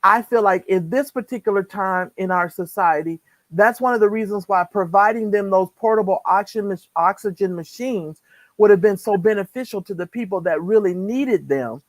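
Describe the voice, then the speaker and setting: A woman's voice: mid-range voice, moderate pace, no echo, poor audio. A woman co-hosting a live-stream chat show, talking in an emphatic way and repeating words when worked up. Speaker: co-host. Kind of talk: casual live-stream commentary.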